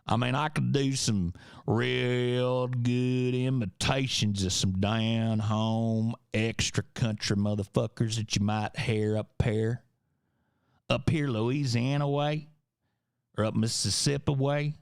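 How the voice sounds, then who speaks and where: A man voicing an exaggerated backwoods Southern country man with a thick Deep South drawl, slow and folksy. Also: steady tone, gravelly, clear, resonant tone, no room sound, clean studio sound.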